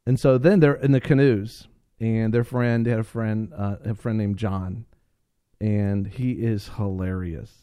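A man on a talk radio show telling a funny story in a casual, animated way, laughing often and repeating phrases for emphasis. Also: fairly low pitch, unhurried, smooth, dry recording, clean studio sound.

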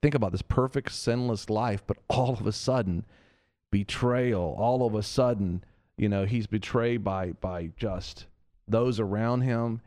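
Low-voiced man preaching on a talk show. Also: unhurried, darkish tone, no echo. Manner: earnest, emphatic, repeats phrases. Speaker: host of a Christian TV and radio show.

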